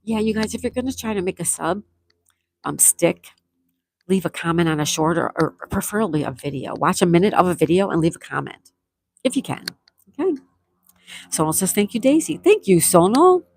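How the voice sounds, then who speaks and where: A woman's voice: fairly low pitch, lively intonation, brisk, gravelly, long pauses, darkish tone, dry recording. A middle-aged woman hosting a casual livestream, reading viewer comments aloud in an affectionate, chatty way and laughing often. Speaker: livestream host reading chat. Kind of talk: casual live chat.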